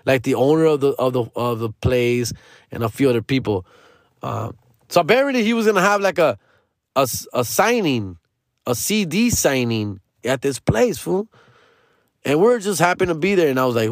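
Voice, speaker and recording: A man's voice: mid-range voice, very animated, normal speed, dry recording, studio quality. A man, telling a rambling personal story in casual slang as a comedian. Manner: slangy, rambling, peppered with "dog" and "fool".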